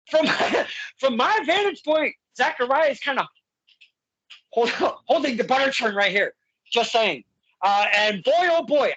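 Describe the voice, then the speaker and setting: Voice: mid-range voice, sharp tone, no echo, rough recording. A podcast host conducting a casual interview, talking animatedly and often laughing mid-sentence.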